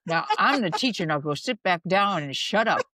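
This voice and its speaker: A woman acting out her own ego, a furious, possessive woman who blusters and threatens in a dry, close sound. The voice rises higher than her usual talk and grows fussy and indignant, spitting out threats and complaints. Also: expressive, moderate pace, sharp tone, no echo. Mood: menacing.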